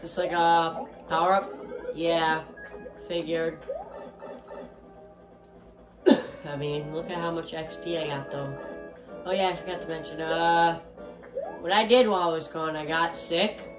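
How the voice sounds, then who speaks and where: A young man giving casual let's-play commentary, chatty and excitable, a little hoarse as he gets his voice back. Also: fairly high pitch, unhurried, long pauses. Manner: chatty, excitable reactions to the game. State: hoarse, recovering from losing his voice. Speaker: gameplay commentator. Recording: roomy room with game music.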